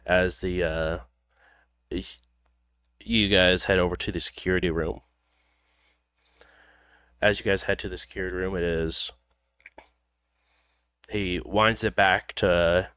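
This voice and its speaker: Game master, male, low smooth voice, unhurried narration full of ums. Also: pushed and bright, no room sound. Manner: loose, filler-heavy narration with frequent ums. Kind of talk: narrating a tabletop role-playing game.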